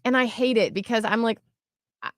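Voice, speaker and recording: A woman in her thirties co-hosts a radio show in casual chat. She is animated and self-deprecating and runs her stories together in long stretches. Her voice sits at a medium pitch and sounds close and dry. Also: a little fast, no room sound. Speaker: radio co-host.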